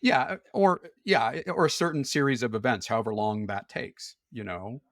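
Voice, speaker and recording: A man's voice: medium pitch, moderate pace, fairly bright tone, dry recording, clean studio sound. A man talking candidly as a podcast guest, explaining things frankly with occasional laughs. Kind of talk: casual conversation.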